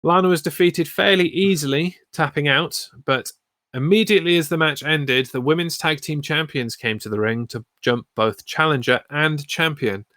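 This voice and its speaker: A man's voice: a little high, moderate pace, pushed and bright, dry recording, clean studio sound. A man co-hosting a casual wrestling podcast from the UK, recapping matches and joking around. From United Kingdom. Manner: jokey, recaps then riffs. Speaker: podcast co-host.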